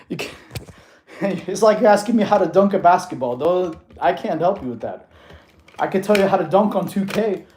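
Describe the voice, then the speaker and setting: A man's voice: high-pitched, slight background noise. A man coaching fitness on a casual livestream, laughing often and answering chat questions, filmed on a tripod camera.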